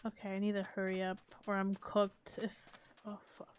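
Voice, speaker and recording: A woman streaming a block-building game late at night, chatting casually and swearing while keeping her slightly high voice down. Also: monotone, normal speed, a little hiss or hum. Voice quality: slightly high, a little strange voice. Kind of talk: casual live-stream gameplay chat.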